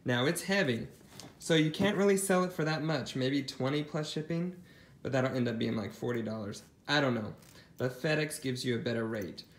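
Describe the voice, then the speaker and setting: A man's voice: mid-range voice, moderate pace. Chatty man rambling through a thrift haul. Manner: chatty and rambling, with many ums and asides. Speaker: thrift reseller showing a haul. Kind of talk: casual haul vlog chat.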